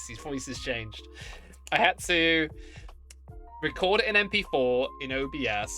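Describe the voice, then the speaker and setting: A streamer with a bright, forceful voice, bubbly and full of silly exclamations while greeting chat. The pitch stays in the middle range. Faint music plays in the background.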